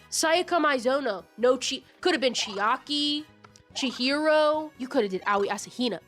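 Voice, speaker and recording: A woman recapping stories in a casual commentary, crude and joking with quick asides. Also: on the high side, a bit bright, faint music behind. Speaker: YouTube commentator.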